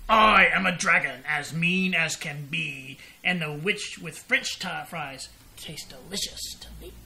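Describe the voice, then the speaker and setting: A woman voicing a mean, hungry male dragon in a storybook, with a low, gloating growl. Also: measured pace, bright, forceful tone, exaggerated voice. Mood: menacing.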